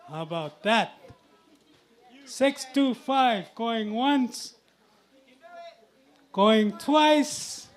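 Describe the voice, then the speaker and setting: High-voiced jovial man calling an auction. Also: takes it slowly, long pauses. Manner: jovial, teasing bidders, calling bids. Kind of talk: live charity auction calling.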